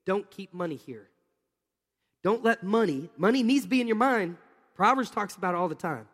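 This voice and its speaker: A man in his thirties preaching a casual, animated sermon and putting questions to his congregation. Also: high-pitched, normal speed, long reverb tail. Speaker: pastor.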